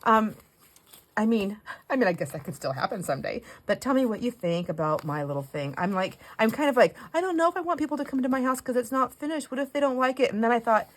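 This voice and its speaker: Excitable middle-aged woman vlogger, casual rambling chat, squeaky gushing peaks. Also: quick pace, rough recording. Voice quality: goes squeaky when excited. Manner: gushing, rambling with self-corrections. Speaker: craft vlogger. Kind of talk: casual chat while opening mail.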